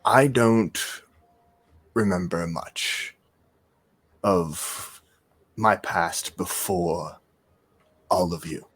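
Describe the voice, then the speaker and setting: A man voicing a soft-spoken male amnesiac in a put-on accent, speaking slowly and haltingly. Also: low voice, breathy edge, soft background music, exaggerated voice. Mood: wistful. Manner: slow, halting, hesitant delivery.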